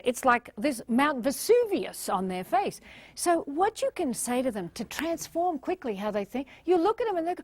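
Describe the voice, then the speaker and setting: A middle-aged Australian woman delivers a motivational talk with lively, swooping intonation and plenty of emphasis. Her voice sits a little high for a woman. The recording is dry and close, with no room sound. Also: normal speed, no room sound. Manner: animated, emphatic, acts out little scenes. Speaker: motivational speaker.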